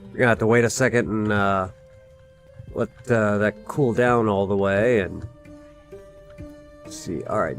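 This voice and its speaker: A man's voice: fairly low pitch, fairly bright tone. A man casually commentating his own gameplay, thinking aloud with plenty of fillers and restarts. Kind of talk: casual let's-play commentary.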